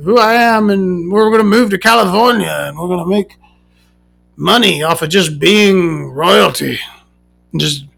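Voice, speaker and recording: A woman's voice: lowish voice, unhurried, vocal fry, a bit bright, exaggerated voice. A woman putting on a whiny, self-pitying young royal man in a drawling voice during a podcast rant.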